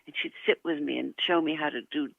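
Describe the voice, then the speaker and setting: An older woman, a guest actress, telling lively anecdotes in an interview, laughing often and poking fun at herself. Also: low voice, fast talker, creaky, no room sound. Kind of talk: interview storytelling. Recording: tinny phone line.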